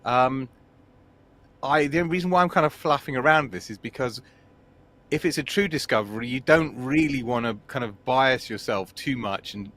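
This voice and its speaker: A man's voice: mid-range voice, moderate pace, a bit bright. A man appearing as the regular expert guest on a casual live Q&A stream, joking and thinking aloud, hedging as he goes.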